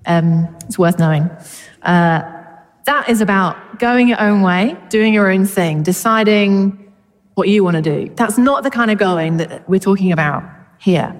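A woman's voice: mid-range voice, measured pace. Woman preaching in an echoey hall. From Britain. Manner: chatty and informal, with humour. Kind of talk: sermon.

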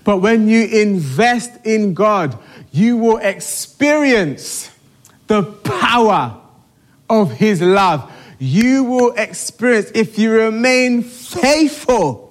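A man's voice: high-pitched, lively intonation, slow. A middle-aged man preaching a sermon with emphatic, repetitive exhortation.

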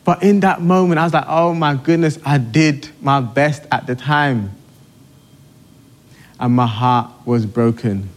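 A middle-aged man preaching a sermon with emphatic, repetitive exhortation. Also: fairly high pitch.

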